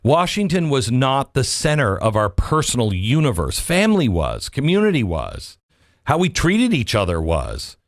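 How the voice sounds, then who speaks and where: A man's voice: medium pitch, wildly swooping pitch, moderate pace, no echo. Guy doing an opinion monologue, voice swings up and down a lot, dry close sound, keeps firing rhetorical questions. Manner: rhetorical, questioning, folksy asides. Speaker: political commentary host.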